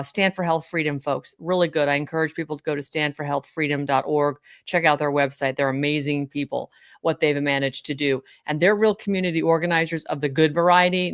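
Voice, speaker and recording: A woman's voice: sits low, brisk, few pauses, clean tone, no echo, clean studio sound. A woman from Florida, a guest on a podcast, telling stories animatedly and acting out quotes. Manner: animated storyteller, acts out quotes. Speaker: interview guest. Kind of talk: casual interview chat.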